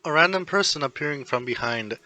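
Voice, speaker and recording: A man's voice: a little high, expressive, a little fast, bright, forceful tone, low-quality recording. A man narrating a fan story, reading out every character's lines himself. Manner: reads all characters himself.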